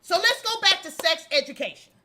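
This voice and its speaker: A woman's voice: very high voice, expressive, brisk, pushed and bright. A middle-aged woman hosting a casual commentary show, sassy and scolding, breaking into laughs as she lectures. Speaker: host.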